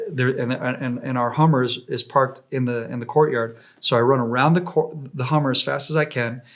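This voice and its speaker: A man, a podcast guest telling a war story in a lively, conversational way, often restarting and repeating words. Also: medium pitch.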